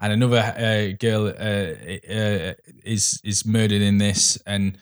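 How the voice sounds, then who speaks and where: Rambling man, low voice. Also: fairly even intonation, slow, smooth. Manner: rambling, many restarts and fillers. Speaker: podcast co-host. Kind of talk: casual film chat.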